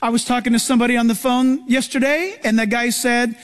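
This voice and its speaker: Man, pastor, sermon, very high voice, lively storytelling, long hall reverb. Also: fairly quick. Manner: animated storytelling, acting out voices.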